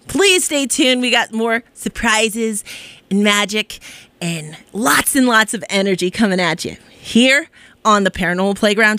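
A woman's voice: mid-range voice, fairly bright tone, dry recording. A woman radio DJ chatting on air in a bubbly, rambling, effusive way. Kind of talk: casual radio chat.

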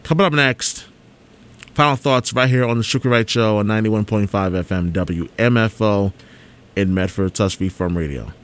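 A man's voice: lowish voice, moderate pace. A man hosting a sports talk radio show, ranting in an exasperated way and repeating himself.

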